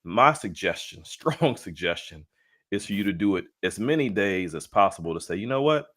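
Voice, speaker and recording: A man's voice: low-pitched, expressive, moderate pace, fairly bright tone. A man co-hosting a casual leadership webinar, playful and jokey, mixing slang asides with talk of faith. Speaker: co-host and leadership coach.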